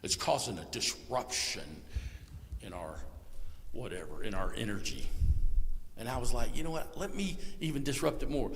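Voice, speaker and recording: A man preaching a live sermon in a folksy way, talking straight to the congregation and swinging from hushed to loud. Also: mid-range voice, expressive, moderate pace, long pauses, slight background noise. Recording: long hall reverb.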